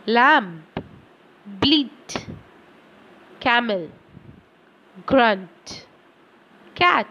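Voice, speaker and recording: Slow, lively-voiced woman teacher. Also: a little high, highs cut off. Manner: slow and deliberate, reads word lists aloud; addresses children directly. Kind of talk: slow classroom lesson.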